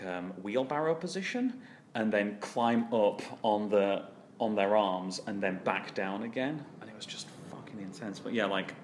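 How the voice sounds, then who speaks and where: A man with a lowish voice hosts a casual podcast chat, rambling and swearing freely. Faint ambient noise sits under his voice. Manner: rambling, swears a lot, laughs often. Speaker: podcast host.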